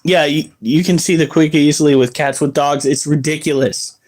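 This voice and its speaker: A man's voice: on the high side, fairly even intonation, moderate pace, darkish tone. A young man chatting casually on a live stream, rambling and explaining how to care for his exotic pets.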